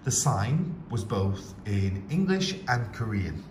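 A male teacher reading a picture book aloud with slow, expressive storytelling. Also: on the low side, slight background noise. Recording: echoey room with faint ambience.

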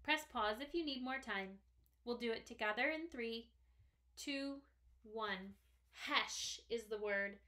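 Slow, bright-voiced phonics teacher woman. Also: a little high. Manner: slow, careful, stretched-out sounds. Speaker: first grade teacher. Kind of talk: slow phonics lesson video.

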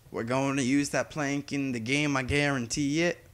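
A man's voice: mid-range voice, fairly even intonation, moderate pace, a bit bright. A young man giving casual, chatty gameplay commentary as a YouTuber, humming and drifting off topic. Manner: chatty, distracted, hums to himself. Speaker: gaming YouTuber.

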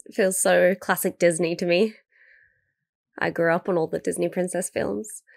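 A woman's voice: on the low side, fairly even intonation, normal speed, creaky, dry recording, clean studio sound. A woman hosting a movie reaction video, chatty and enthusiastic with casual fillers.

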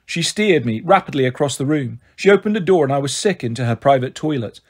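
A man reading a children's novel aloud in a calm, steady storytelling voice. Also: medium pitch, fast talker, slightly rough. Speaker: audiobook reader. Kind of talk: storybook narration.

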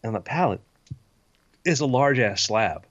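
A man's voice: medium pitch, animated, unhurried, dry recording. A man acting as game master, setting scenes playfully and vividly on a slightly muffled dry recording. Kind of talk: narrating a tabletop game.

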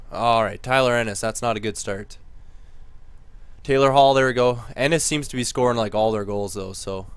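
A man giving casual commentary over a hockey video game he is playing, muttering low between plays and getting louder when he cheers. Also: a little slow, pauses often, clean tone, no room sound. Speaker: gaming commentator.

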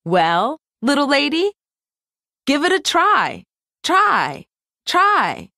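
A woman's voice: high-pitched, wildly swooping pitch, extremely slow, sharp tone, studio quality, pitched above the performer's own voice, full character voice. A woman voicing a fretful female toy karaoke microphone that keeps repeating her words in an echoing stutter. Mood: cheerful.

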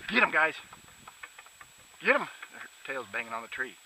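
A man out hunting with his dogs, shouting short commands to them and talking quietly to his camera. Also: very animated, normal speed, a little hiss or hum, low-quality recording. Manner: shouts dog commands, then talks low and quietly to the camera. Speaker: hunter filming his dogs. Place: outdoors in snowy rural fields.

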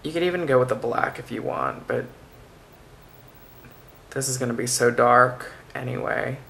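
A man giving a makeup tutorial in a soft-spoken, chatty and playful way. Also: medium pitch, creaky, a little hiss or hum. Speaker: makeup vlogger.

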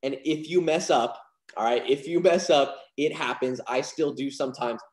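In an echoey room, a young man teaches card magic in a casual online lesson, sounding confident and upbeat while using plenty of fillers. His voice is mid-range with a darkish tone and a normal pace.

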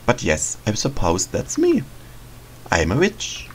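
A man voicing a lonely, motherly female witch in a game, speaking softly and hesitantly. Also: fairly low pitch, wildly swooping pitch, takes it slowly, slight background noise, exaggerated voice, rough recording. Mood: kindly. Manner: soft, motherly, hesitant, sighing. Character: lonely, gentle female forest witch, middle-aged. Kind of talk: reading game dialogue aloud in a let's play.

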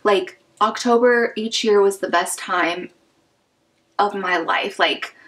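A woman's voice: medium pitch, slow, a bit bright, poor audio. A young woman from Kansas hosting a casual vlog, opening fan mail, gushing and emotional, with many "like" fillers. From Wichita, Kansas. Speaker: YouTube channel host.

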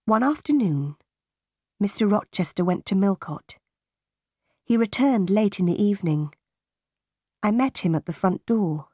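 A woman narrating a graded English storybook in a slow, careful, clearly paced reading style. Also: mid-range voice, expressive, mellow, no echo, clean studio sound.

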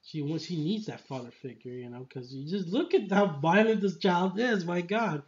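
A man's voice: sits high, normal speed, muffled recording. A man giving a casual, enthusiastic film review, rambling with lots of filler phrases. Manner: enthusiastic, rambling, full of "you know".

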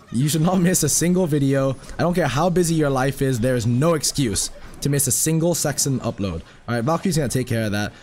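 A hoarse young man giving excitable, self-mocking live commentary while playing a mobile game, swearing often. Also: mid-range voice, a little hiss or hum. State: hoarse, recovering from a lost voice.

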